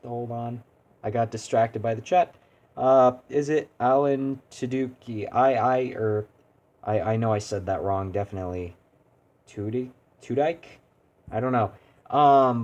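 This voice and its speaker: A man with a medium-pitched, darkish voice speaks at a measured pace, and the highs sound cut off. He's streaming a video game and chatting casually, rambling and poking fun at himself as he critiques his own attempts at doing voices.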